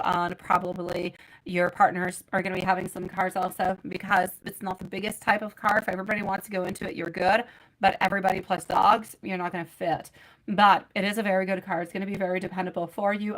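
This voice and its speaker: A woman's voice: lowish voice, poor audio. A woman giving live tarot readings to viewers, chatty and affectionate, calling them sweetie and my love. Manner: chatty, reads out viewer names and questions. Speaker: tarot reader.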